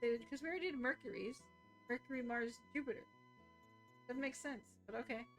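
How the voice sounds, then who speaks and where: A young woman streamer chats and jokes her way through a game in casual commentary. Her voice sits a little high, with faint game music in the background. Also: a little fast. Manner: chatty, joking.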